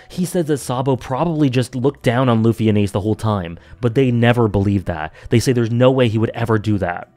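A man's voice: mid-range voice, warm tone, no echo. A man giving an earnest, emphatic spoken review of an anime story arc, with frequent fillers and restarts.

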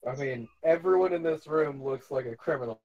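A man's voice: on the high side, a little fast, a little mellow, dull audio. A man playing a tabletop game, chatting casually with swearing and restarts. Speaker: player.

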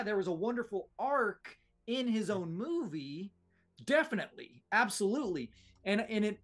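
Animated man arguing about superhero films. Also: high voice. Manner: animated, rambling, restarts a lot. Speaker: podcast co-host. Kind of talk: casual pop-culture debate.

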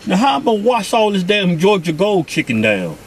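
A man's voice: sits high, big pitch swings, brisk. Profane, boisterous man in a car. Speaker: co-host. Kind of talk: casual car banter. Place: in a car at a drive-thru. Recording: car engine noise.

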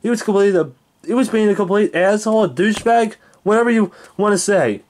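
High-pitched guy ranting mad about a cartoon episode, swears a lot, stumbles over words. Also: lively intonation, fairly quick, darkish tone. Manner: heated, swearing, restarts and repeats himself. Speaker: video reviewer. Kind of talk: angry ranting review.

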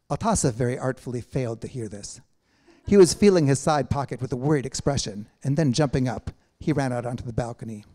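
A man reading a nineteenth-century novel aloud in measured literary narration. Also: mid-range voice, lively intonation, mellow. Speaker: reader of a translated novel.

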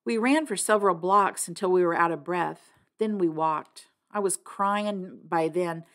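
A woman's voice: lowish voice, measured pace. Woman reading a novel aloud. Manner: expressive first-person narration. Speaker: reader.

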